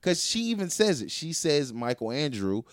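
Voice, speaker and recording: A man co-hosting a casual podcast, measured, reasoning his point through aloud. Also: a little high, sing-song, no echo, studio quality. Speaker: podcast co-host.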